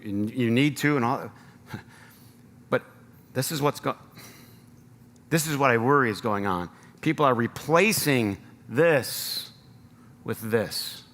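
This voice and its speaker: Earnest American pastor in a reverberant hall. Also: male voice, mid-range voice, a bit bright. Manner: earnest, rising to emphatic appeals. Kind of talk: sermon. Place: church sanctuary.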